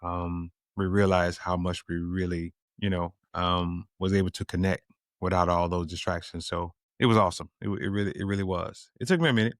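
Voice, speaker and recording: A middle-aged man co-hosting a podcast, telling stories in a relaxed, slangy, animated way. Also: deep voice, a little fast, dry recording, studio quality. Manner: laid-back, animated storytelling with slang. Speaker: podcast co-host. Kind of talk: casual chat.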